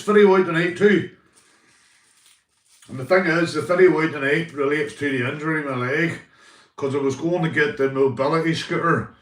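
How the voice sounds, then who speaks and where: A man's voice: on the high side, fairly bright tone, far from the mic. A Northern Irish man chatting casually to viewers on a live stream, rambling and swearing, calling everyone mate. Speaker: livestreamer. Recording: roomy, off-mic sound.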